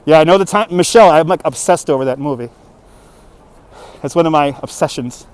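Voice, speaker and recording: Recorded on a phone on a handheld gimbal, this clip has a man giving live walking-stream commentary as he heads along a city street and into a market. His voice sits on the high side and sounds clear and resonant, and he moves briskly through his chatter with viewers, laughing frequently.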